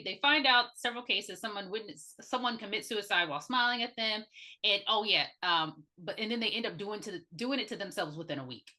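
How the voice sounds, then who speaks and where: A woman co-hosting a podcast, chatting casually about a movie and throwing in quick questions. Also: mid-range voice, bright, forceful tone. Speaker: podcast co-host. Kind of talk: casual movie recap chat.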